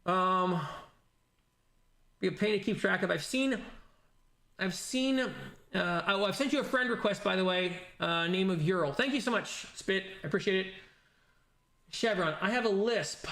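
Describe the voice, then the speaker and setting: A man with a notably high voice hosts a relaxed stream, reading out viewer comments. He rambles, circles back, and restarts sentences often. His tone is bright and forward. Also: normal speed, pauses often. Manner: rambling, with frequent restarts and self-corrections. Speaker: host reading live chat comments. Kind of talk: casual livestream chat.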